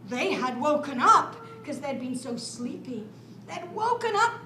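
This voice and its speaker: A woman telling an interactive story to children in a library, animated and playful, adding sound effects. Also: high-pitched, a little slow, faint music behind. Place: library room. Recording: echoey room.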